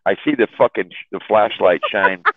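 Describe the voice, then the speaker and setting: Over a tinny phone line, a man hosting a chat room rambles through a profane story for his friends, repeating words and cracking himself up. He has a fairly low pitch and a brisk pace.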